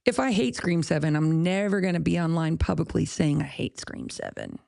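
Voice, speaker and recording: A woman's voice: sits low, big pitch swings, moderate pace, gravelly, a little mellow, dry recording, studio quality. A woman hosting a podcast, ranting bluntly and casually, with profanity and laughs at her own jokes. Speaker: podcast host.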